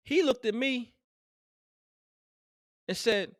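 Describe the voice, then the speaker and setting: A man telling a heated workplace story in a casual, animated and profane way, emphatic and expressive. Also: high-pitched, normal speed, no echo, clean studio sound.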